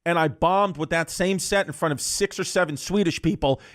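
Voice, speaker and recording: A man on a podcast telling a story in a casual, animated way. He laughs often and breaks into the voices of the people in his story. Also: on the high side, moderate pace.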